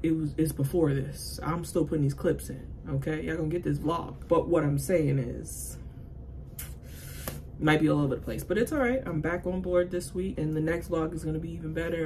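A woman chatting casually to viewers in a fitness vlog, animated and out of breath, with sudden high exclamations. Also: moderate pace, a little hiss or hum, poor audio. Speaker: fitness vlogger. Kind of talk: casual vlog chat to camera.

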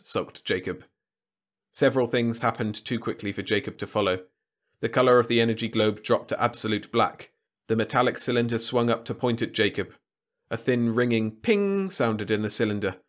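A man reads a science-fiction story aloud as an audiobook narrator. His delivery is measured and even, at a middling pitch. It is a steady bedtime storytelling voice.

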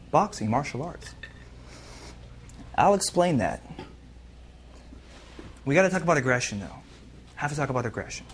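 A man speaking as a guest at a university class, answering a question in a lively lecture full of rhetorical questions that he answers himself. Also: a little high, slight background noise. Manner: animated, asks rhetorical questions and answers them. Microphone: filmed broadcast recording.

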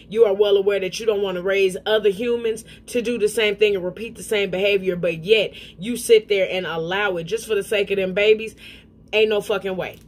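A woman giving blunt, profane reaction commentary on a clip, with a mellow tone. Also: mid-range voice, a little hiss or hum.

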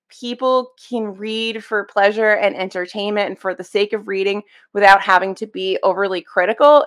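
A woman hosting a casual reaction video about books, talking in a rambling, wryly exasperated way at home before work. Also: mid-range voice. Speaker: book commentary video host. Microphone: streaming webcam setup.

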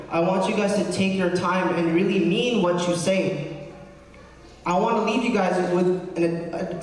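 A young man serving as a deacon, preaching a sermon in an earnest, conversational way, often checking in with the congregation. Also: high-pitched. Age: young adult. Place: large cathedral. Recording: echoey cathedral, mic from far off.

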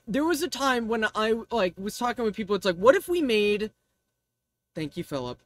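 A woman's voice: a little high, no room sound. A woman streamer chatting casually on a livestream, ranting and swearing freely. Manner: ranting, profane, animated.

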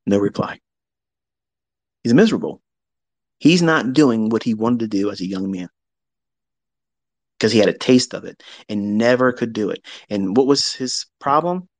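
A man's voice: on the low side, lively intonation, moderate pace, pauses often, dry recording, rough recording. A man in his fifties hosting a live audio chat, telling a personal story in a blunt, profane way and acting out both sides of old arguments. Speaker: host.

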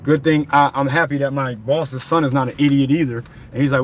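A man's voice: mid-range voice, fairly even intonation, quick pace, muffled recording, a little hiss or hum. A man giving an angry, profane, rambling rant while driving, recorded on a phone in his car. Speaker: vlogger. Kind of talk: ranting vlog while driving.

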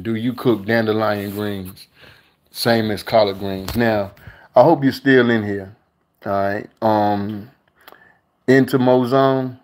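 An older man hosting a casual live cooking stream, chatting with viewers and reading their comments aloud in a laid-back, slangy way. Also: on the low side. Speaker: cooking channel host.

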